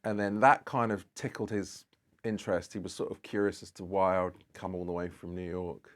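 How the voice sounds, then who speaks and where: Casting: male podcast guest, lowish voice, loose rambling storyteller who acts out dialogue in casual chat. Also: steady tone, moderate pace. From Britain.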